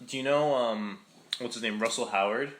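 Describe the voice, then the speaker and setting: A man's voice: medium pitch, moderate pace, a bit bright. A young man co-hosting a podcast in casual chat, laid-back and swearing often. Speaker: podcast co-host. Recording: echoey room with faint background noise.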